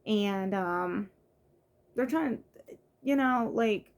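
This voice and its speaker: Young woman, casual vlog rant, venting, frustrated, fillers and restarts, middle pitch. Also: extremely slow. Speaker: vlogger.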